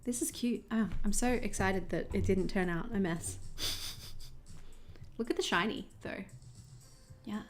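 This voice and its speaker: Young woman, Australian accent, casual livestream chat, laughs a lot, medium pitch, soft background music. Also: takes it slowly, pauses often. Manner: chatty, answers chat, laughs often. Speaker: journaling livestream host.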